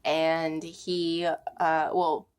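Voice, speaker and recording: A woman's voice: deep voice, level tone, drawn-out words, darkish tone, smooth. A young woman telling an old personal story in a casual vlog, chatty and giggly, with lots of "like" and "um". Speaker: vlogger.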